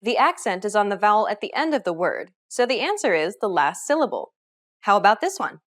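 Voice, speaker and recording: A woman narrating a scripted pronunciation lesson in a clear, instructive manner. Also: medium pitch, sing-song, a little fast. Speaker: language teacher.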